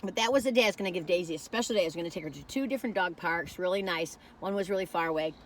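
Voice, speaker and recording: A woman's voice: lowish voice, very fast, slight background noise. A woman reviewing food in a casual vlog, chatting while she tastes and telling a rambling story that keeps losing its thread.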